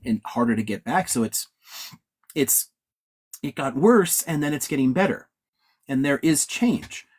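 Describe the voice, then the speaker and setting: A man's voice: medium pitch, darkish tone, husky. A man talking in a casual discussion, thoughtful and hesitant, with frequent restarts. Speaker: discussion panelist.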